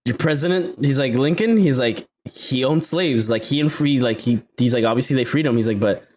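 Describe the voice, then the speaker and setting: A young man co-hosting a casual podcast, telling stories in an animated way, breaking into loud laughs. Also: mid-range voice, brisk, slight background noise. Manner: animated storytelling, loud laughs, quotes others in raised voice. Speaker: podcast co-host. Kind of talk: casual chat.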